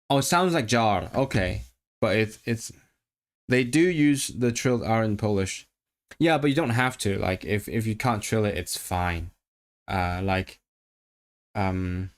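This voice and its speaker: A man casually chatting on a language-learning livestream, musing aloud, answering chat and practising rolled R sounds. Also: fairly low pitch.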